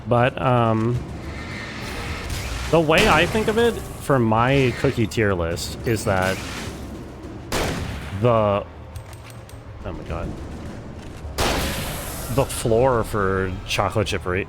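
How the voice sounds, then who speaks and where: Animated joking young male streamer. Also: on the low side, background noise. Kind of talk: casual gameplay commentary.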